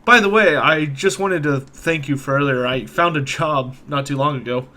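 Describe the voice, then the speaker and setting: A man's voice: fairly high pitch, normal speed, bright, forceful tone. A man voicing a friendly, grateful reformed thief in a tabletop game, in an easygoing, chatty manner.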